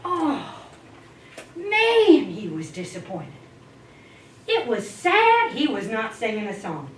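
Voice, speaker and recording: Woman telling a lively folk tale. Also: slow pace. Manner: dramatic, playful, swoops in pitch and volume. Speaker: speaker at a speaking club. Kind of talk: animated folk-tale storytelling. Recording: echoey room, distant mic, faint hiss.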